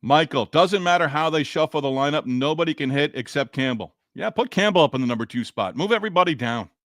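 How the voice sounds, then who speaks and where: A man's voice: on the high side, expressive, fast, a bit bright, no echo, studio quality. A man hosting a sports podcast, reading listener comments in a frustrated, sarcastic, rambling way. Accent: Boston. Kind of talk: casual sports podcast talk.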